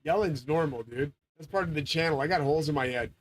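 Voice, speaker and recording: Profane ranting man with a higher voice. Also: quick pace, low-quality recording. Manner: rambling, swearing, grandiose; often yelling. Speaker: channel host. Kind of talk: profane monologue rant.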